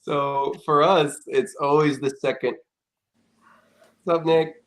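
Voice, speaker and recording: A man chatting casually as a guest on a stream, relaxed and easygoing. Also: fairly high pitch, slow pace. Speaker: guest, former competition contestant. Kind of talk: casual chat on a live stream.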